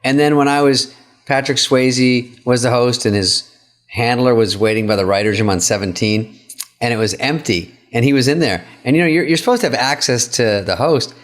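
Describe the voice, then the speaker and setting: A man co-hosting a casual chat, telling a story with wry, deadpan asides. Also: mid-range voice, normal speed. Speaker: co-host.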